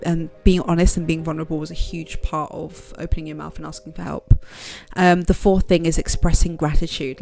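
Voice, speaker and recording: A woman's voice: on the low side, gravelly, darkish tone. A woman giving frank, direct motivational advice to her viewers in a casual vlog. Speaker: self-help vlogger. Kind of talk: motivational talk to camera.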